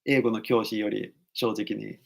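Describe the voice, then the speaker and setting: A man with an American accent, speaking in a lowish, level voice at a brisk pace with vocal fry, talks casually as an English teacher and actor. In this talking-head advice vlog, he fills his speech with "like" and switches between English and Japanese.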